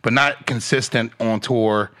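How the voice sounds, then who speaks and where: A man speaks in a bright, mid-pitched voice, chatting as a guest comedian. He rambles and restarts his sentences often. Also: fairly even intonation, a little slow. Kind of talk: casual chat.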